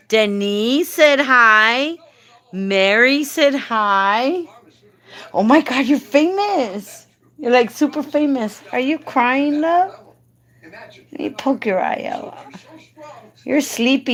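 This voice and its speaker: A woman's voice: sits high, fairly bright tone. A woman hosting a casual live stream, coaxing and doting as she talks to a man beside her.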